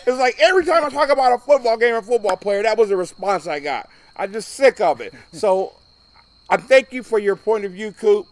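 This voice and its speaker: A man from Ohio, USA, co-hosts a casual local football show, ranting bluntly and emphatically in a high-pitched, lively voice at a slightly fast clip. He keeps driving his points home by repeating "okay?", with slight background noise present.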